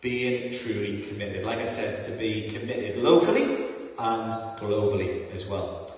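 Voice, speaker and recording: A man's voice: fairly low pitch, measured pace. Man preaching in an echoey hall. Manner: earnest, conversational, with frequent ums and restarts. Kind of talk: sermon. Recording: roomy, echoey hall, mic at a distance, dull sound.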